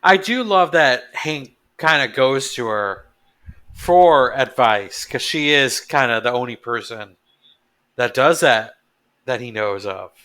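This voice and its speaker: Slow-talking bright-voiced man. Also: medium pitch, lively intonation. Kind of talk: casual chat.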